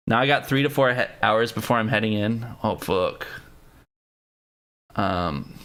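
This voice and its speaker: A man's voice: on the low side, animated, a little slow, pauses often, a bit bright, a little hiss or hum. A man hosting a casual livestream. He talks with viewers in a rambling, profane way, full of fillers and restarts, and playfully tries out foreign words. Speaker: livestream host.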